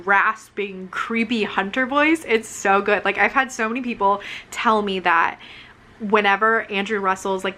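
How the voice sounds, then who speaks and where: A woman's voice: medium pitch, sharp tone. A young woman author chatting casually on her vlog, bubbly and giggly, full of fillers, her voice a little worn. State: voice wearing out. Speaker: author vlogger. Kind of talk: casual chat. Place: living room. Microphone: camera mic.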